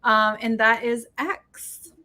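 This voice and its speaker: A woman co-hosts a relaxed podcast chat in a slightly raised pitch. Her voice is bright and forceful, and her chatty delivery is sprinkled with fillers. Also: takes it slowly. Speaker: podcast co-host. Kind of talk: casual chat.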